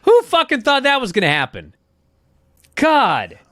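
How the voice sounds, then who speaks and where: A man co-hosting a podcast, talking casually, swearing a lot and ranting with big jumps in pitch. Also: a little slow, dry recording, studio quality. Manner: profane, animated, swings his pitch up when outraged. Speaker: podcast co-host. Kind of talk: casual chat.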